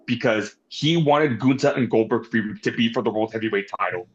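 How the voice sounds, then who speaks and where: A man co-hosting a casual wrestling review podcast, animated and swearing as he rants in mock anger. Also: on the low side, brisk, hardly any pauses, lo-fi sound. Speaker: podcast co-host.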